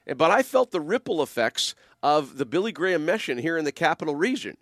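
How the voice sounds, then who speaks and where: A man's voice: on the high side, sing-song, a little fast, no echo, studio quality. A man in ministry talking in a casual, earnest and rambling way, with emphatic stresses. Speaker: minister giving a talk. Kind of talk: casual spoken reflection. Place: lives in the Ottawa region.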